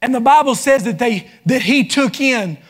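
High-voiced impassioned preacher man. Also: lively intonation, moderate pace. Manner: impassioned, rising into shouts. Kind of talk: sermon.

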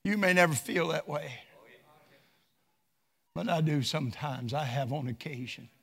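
A man's voice: fairly high pitch, unhurried, fairly bright tone, breathy edge. A man preaching a sermon in a fervent, emphatic way.

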